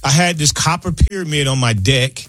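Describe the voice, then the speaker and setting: A man in his fifties, a guest on a radio show, telling a story in a relaxed, drawn-out way. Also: on the high side, dry recording, soft background music. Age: 50s. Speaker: guest musician. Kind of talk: relaxed interview chat.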